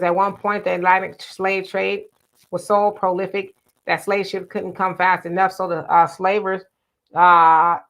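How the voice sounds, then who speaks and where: Woman, livestream co-host, relaxed conversational read of chat comments. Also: on the low side. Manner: reads viewer comments aloud and responds conversationally. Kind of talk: casual live discussion.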